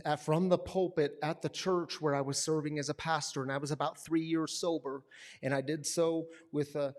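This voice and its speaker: A male pastor delivers a sermon in a somewhat higher voice. He tells stories with energy and swings from soft, intimate moments to loud, emphatic peaks. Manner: animated storytelling, swinging from hushed to loud.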